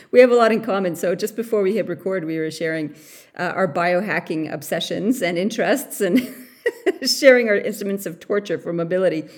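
A woman from Canada hosting a podcast interview over a call, chatty and quick to laugh. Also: fairly low pitch. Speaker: podcast host. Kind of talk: casual interview chat. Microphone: remote call.

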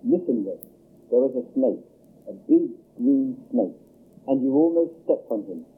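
Guy reading as a stern little girl, keeps pushing with questions, husky tinny phone sound. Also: medium pitch, lively intonation, a little slow. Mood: coaxing. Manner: firm, insistent questioning. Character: small girl, calm and firm healer.

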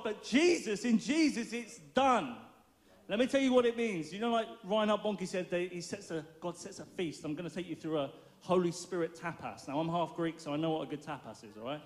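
A man preaching an informal, lively sermon in a playful, joking way, laughing often. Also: high-pitched, a little fast.

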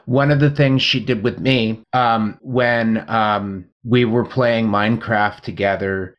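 A man's voice: medium pitch, a bit bright. A man co-hosting a casual podcast, rambling and joking as he talks. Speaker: podcast co-host. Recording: dull lo-fi recording.

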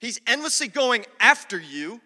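A man with a high, very bright and sharp voice preaches in a church, mixing humor into his sermon and calling out to the congregation. His words ring out with a long reverb through the hall. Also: sing-song, normal speed. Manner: humorous, talks directly to the congregation. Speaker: pastor. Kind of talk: sermon with personal storytelling.

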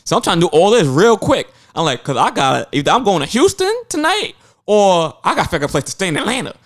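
A young man tells a story on a casual podcast, lively and profane. His voice sits a little high and jumps all over as he acts out the people in it. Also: quick pace. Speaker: podcast co-host.

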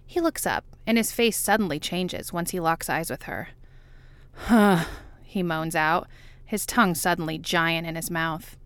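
A woman narrating a fan fiction audiobook in a quiet, even, wry voice. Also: fairly low pitch, moderate pace, clean tone, dry recording.

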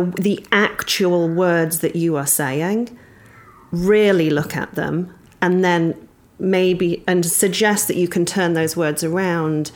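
A woman from England, a podcast guest, telling a personal story thoughtfully with many pauses and ums. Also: fairly low pitch.

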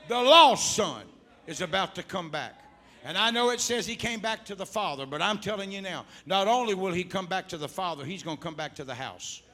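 A male evangelist preaching fervently at a church altar call, shouting one moment and coaxing quietly the next as he calls back and forth with the congregation. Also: high-pitched, animated, fairly quick. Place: church service before a congregation.

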